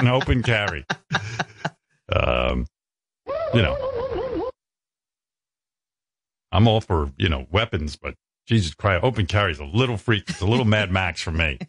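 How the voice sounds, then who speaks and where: A man's voice: on the low side, huge pitch swings, measured pace, pauses often, a little hiss or hum. A male radio host in casual studio banter, riffing with sarcastic, profane exaggeration into a close microphone.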